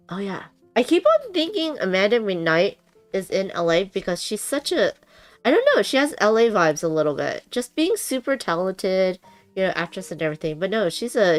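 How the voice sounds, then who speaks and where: A woman's voice: mid-range voice, very animated, normal speed. Bubbly woman streaming from home, chatty, lots of ums and laughs, faint music behind. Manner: bubbly, chatty, laughs often, many fillers. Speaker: board game streamer. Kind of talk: casual live-stream chat while unboxing. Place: home room with noisy bathroom upstairs.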